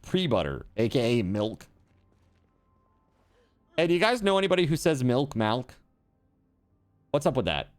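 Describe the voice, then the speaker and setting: A man's voice: mid-range voice, very animated, normal speed, long pauses. A man streaming a video game, chatting casually and teasingly with his viewers as he plays. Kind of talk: casual chat while gaming on stream.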